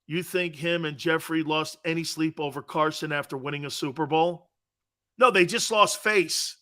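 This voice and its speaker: A man hosts a casual sports talk show with a high, bright, forceful voice. He riffs in a mocking tone and breaks into laughter often. He drops into quick impressions of the people he talks about.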